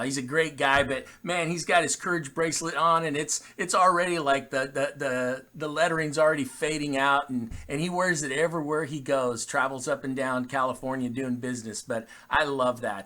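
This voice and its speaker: A man's voice: medium pitch, moderate pace, few pauses, bright, forceful tone. A man speaking as a pastor, giving a short, casual devotional message to his church with frequent restarts.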